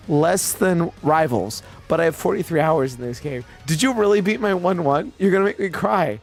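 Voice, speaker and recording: Loud, cursing man on a gaming chat. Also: high voice, sing-song, moderate pace, few pauses, soft background music. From Washington state. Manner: profane, bursts into loud yelling. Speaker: co-host.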